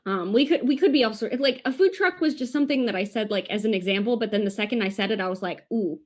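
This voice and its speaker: A woman with a fairly high voice chatting at a game table. She thinks out loud, hesitating and restarting her sentences as ideas come to her. Her tone stays easy and conversational. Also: quick pace. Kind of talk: casual chat.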